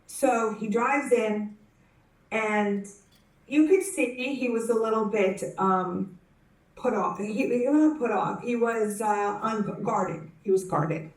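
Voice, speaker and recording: Woman speaker, unhurried story delivered at a conference, heard from a distance in an echoey hall. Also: a little high. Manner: animated, acts out the voices in her story; frequent self-corrections and restarts. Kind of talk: personal storytelling talk.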